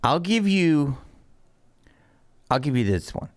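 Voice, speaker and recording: A man's voice: a little high, slow pace. A male comedian, a podcast guest, telling stories in casual chat and acting out the people in them. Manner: animated, storytelling with acted-out quotes.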